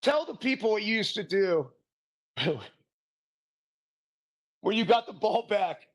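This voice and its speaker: Male host, excitable, high pitch, casual sports talk. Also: takes it slowly. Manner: excitable, says dude a lot. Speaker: podcast host. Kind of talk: casual sports chat and commentary.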